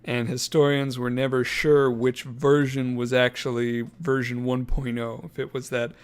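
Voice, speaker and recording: Speaking at normal speed with little pitch movement, this man has a clean, medium-pitched voice. As a podcast co-host he reads his notes jokingly, pokes fun at himself, and breaks into laughter mid-sentence.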